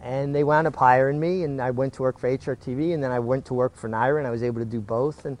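A man's voice: medium pitch, fairly even intonation, fast, darkish tone. Earnest middle-aged man telling his story. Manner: earnest, repeats words when restarting. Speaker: retired jockey guest. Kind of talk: casual storytelling interview.

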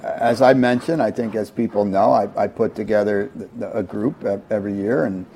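A man co-hosting a horse racing talk show, speaking in a halting way with many fillers. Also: lowish voice, fairly even intonation, mellow, a little hiss or hum.

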